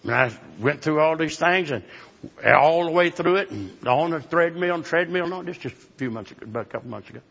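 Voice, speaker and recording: A man's voice: a little high, animated, brisk, creaky, fairly bright tone, lo-fi sound. A man in his seventies preaching a sermon in a folksy, chuckling way, calling out to the congregation. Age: 70s.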